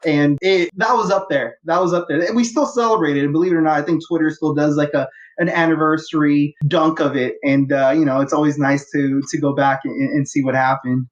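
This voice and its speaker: A man's voice: fairly high pitch, steady tone, a little fast, hardly any pauses. A man in his thirties from Los Angeles, talking as a podcast guest in an eager, rambling way with many fillers and restarts. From Los Angeles, USA. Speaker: guest, fan. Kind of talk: casual podcast interview. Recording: dull lo-fi audio.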